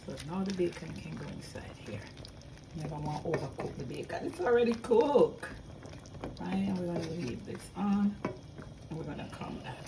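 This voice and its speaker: A woman hosting a casual cooking vlog, chatty and excitable, talking to her viewers as she cooks in her home kitchen. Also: lowish voice, normal speed, creaky. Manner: chatty and excitable, often calling viewers "guys". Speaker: cooking channel host. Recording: voice far from the mic over loud boiling pot noise.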